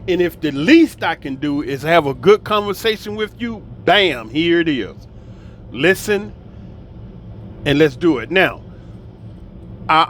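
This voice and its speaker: Animated preachy man with a lively pitch. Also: a little hiss or hum. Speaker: commentator. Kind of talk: casual talking to camera.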